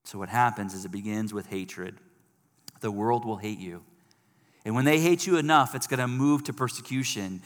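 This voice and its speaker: A man preaching a sermon in a big hall, his voice carrying a long reverb tail. He talks with animation and breaks into raised voices when he acts out what people say. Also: lowish voice.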